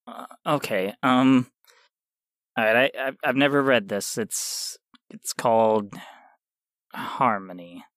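Podcast co-host, man, slow and unsure, dry close mic. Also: mid-range voice, fairly bright tone, no echo. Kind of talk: casual chat, hesitant reading.

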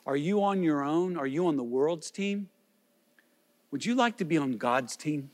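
A man's voice: fairly high pitch, animated, a little slow, in a large hall. A man preaching as a pastor, earnest and pleading, with repeated questions and small restarts. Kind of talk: sermon.

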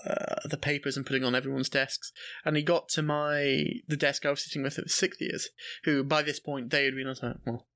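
A man's voice: mid-range voice, fairly quick. A Scottish man casually telling a school story, swearing freely and acting out the people in it. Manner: animated, swears freely, acts out voices in anecdotes.

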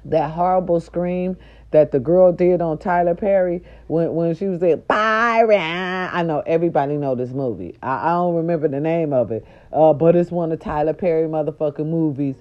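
An older woman, a nurse's aide and grandmother, telling an indignant, profane story straight to her viewers in a loud, animated rant. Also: low voice, moderate pace, dull audio.

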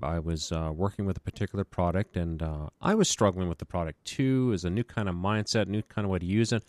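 With a deep, darkish voice and no echo, a man who runs a small business talks casually on a podcast. His stories ramble along, laced with self-deprecating humor.

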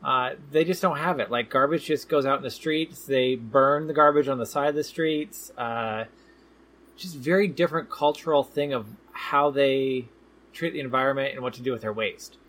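Calm man co-hosting a podcast. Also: mid-range voice, moderate pace. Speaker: podcast co-host. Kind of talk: casual chat.

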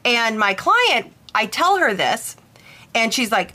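Woman, young adult, casual storytelling, animated, filler-heavy, bright voice. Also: fairly high pitch, slow pace. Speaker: bridal stylist and medium.

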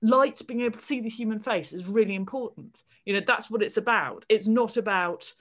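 A woman, co-hosting a podcast and explaining ideas with animated enthusiasm in casual chat. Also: medium pitch, brisk. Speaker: podcast co-host.

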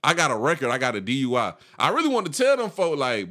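A man's voice: mid-range voice, huge pitch swings, fast talker, hardly any pauses, bright, forceful tone. A man in his thirties telling a long, profane story in casual chat, laughing and acting out the people in it.

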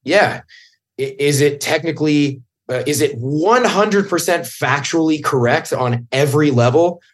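A man's voice: a little high, a little slow. A man in casual podcast talk, blunt and swearing, who gets heated when he acts out what he said back then. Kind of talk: casual chat.

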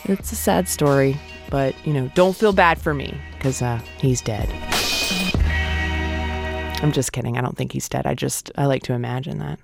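A woman's voice: extremely low pitch, moderate pace, vocal fry, over music. A woman comedian telling a stand-up story, breaking into exaggerated voices for other people. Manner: acts out characters in loud squealing voices.

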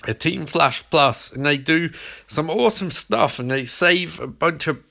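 A man's voice: on the high side, a little slow, vocal fry, pushed and bright. A man hosting a podcast, giving a casual, rambling TV episode recap full of jokes and self-corrections. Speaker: podcast host.

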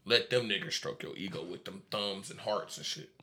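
A man's voice: low voice, moderate pace, bright, forceful tone. A man as a podcast guest, talking bluntly and casually, laughing often.

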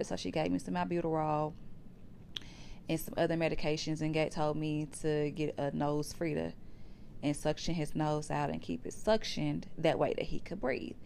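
A young woman tells a personal story on her podcast, talking straight to her listeners. Her voice sits low and has a gravelly, fried edge. A faint hiss runs under the recording. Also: little pitch movement, moderate pace, a little mellow. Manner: conversational, addresses listeners as y'all. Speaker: podcast host.

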